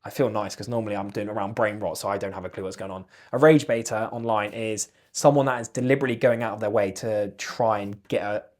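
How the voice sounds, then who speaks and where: Young man, twenties, podcast guest, casual banter, jokey and lively, swears a lot. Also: fairly low pitch, fast, hardly any pauses. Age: 20s. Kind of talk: casual chat.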